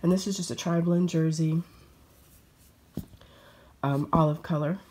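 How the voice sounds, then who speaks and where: Low-voiced woman, croaky from a cold. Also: steady tone, unhurried, mellow, a little hiss or hum. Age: adult with children. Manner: chatty, with frequent fillers and restarts. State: hoarse from a cold. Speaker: sewing vlogger. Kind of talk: casual chat to camera.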